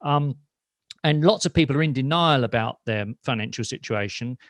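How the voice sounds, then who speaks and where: A man hosting an interview, chatty and animated when telling his own anecdotes. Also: mid-range voice, normal speed, dry recording. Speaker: host and interviewer. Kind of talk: conversational interview.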